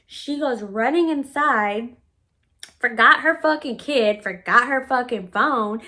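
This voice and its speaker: A woman recounts a personal story in a loose, casual storytime style. Her voice sits a bit high, and her delivery is brash, sassy and full of profanity. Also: slow, bright, forceful tone. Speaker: vlogger telling a personal story.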